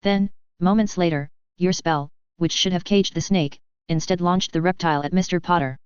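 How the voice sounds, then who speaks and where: A woman voicing a wise, very old male wizard headmaster who talks in a measured, courteous way. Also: on the low side, fairly even intonation, darkish tone, clear, resonant tone, no echo, highs cut off, close to an everyday voice.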